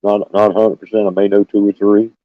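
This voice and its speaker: An older man, chatting haltingly with many fillers while hosting a live stream from his phone. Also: fairly low pitch, level tone, dry recording, narrow, tinny audio. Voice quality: scratchy. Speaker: homestead channel host. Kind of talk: casual live stream chat. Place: small room with fans running.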